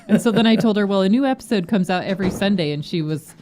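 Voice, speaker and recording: A woman's voice: mid-range voice, fast talker, warm tone, slight background noise. A woman co-hosting a casual podcast, chatty and laughing often as she tells stories. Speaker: podcast co-host.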